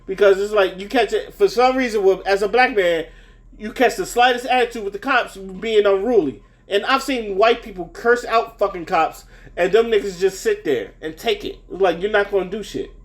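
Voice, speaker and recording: A man's voice: high voice, moderate pace. A young man telling a story in a casual, rambling way, swearing freely and sounding heated. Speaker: vlogger.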